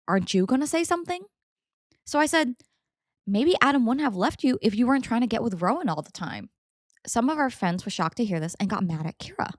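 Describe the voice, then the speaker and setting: A woman's voice: medium pitch, dry recording. A young woman hosts a casual story podcast, reading posts and breaking off into dramatic, indignant asides. Her voice sits in a middle register. The sound is dry and close, with no room around it. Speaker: podcast co-host reading stories.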